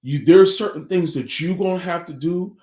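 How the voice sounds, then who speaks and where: A man's voice: fairly high pitch, brisk, warm tone, echoey room. A man giving a morning motivational talk about family life, earnest and preachy, returning again and again to pointed rhetorical questions.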